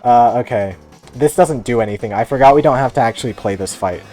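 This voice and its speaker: A man's voice: mid-range voice, quick pace, dark tone, faint music behind. A man giving let's play commentary as a gaming host, laughing often, rambling and reading game text aloud. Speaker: gaming youtuber.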